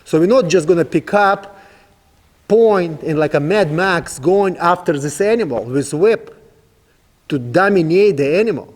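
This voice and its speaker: A man teaching horsemanship while working a horse outdoors, explaining each step with steady repetition and phrasing. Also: a little high, a little slow, in a large hall. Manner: repetitive, instructive, non-native phrasing. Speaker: horsemanship trainer. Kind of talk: outdoor training demonstration.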